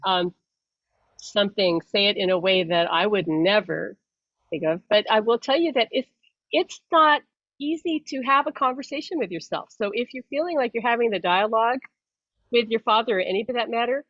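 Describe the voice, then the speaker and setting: A woman's voice: a little high, normal speed, no room sound. A woman psychic medium talks through her ideas in a loose, rambling way. She trips over restarts and laughs as she goes. The audio is dull and lo-fi, with a dry, close sound. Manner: rambling, self-interrupting, laughs often. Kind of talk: casual explanatory chat.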